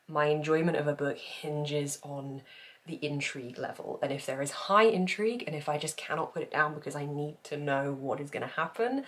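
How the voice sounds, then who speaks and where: A woman talking casually to camera at home as a book vlogger, chatty and enthusiastic, laughing often. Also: low-pitched. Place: at home, indoors.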